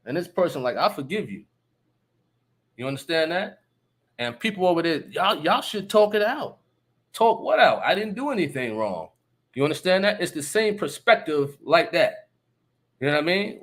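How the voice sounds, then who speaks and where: An emphatic man hosts a casual live stream, his voice sitting a bit higher than most men's. He keeps checking in with his listeners, asking whether they understand, and breaks into short laughs between remarks. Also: fairly bright tone. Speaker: livestream host.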